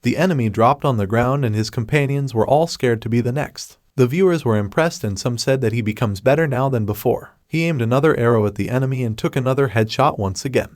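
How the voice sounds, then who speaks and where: A man narrating a recap of a comic story in a steady, scripted storytelling voice. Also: medium pitch, brisk, hardly any pauses, no room sound, clean studio sound.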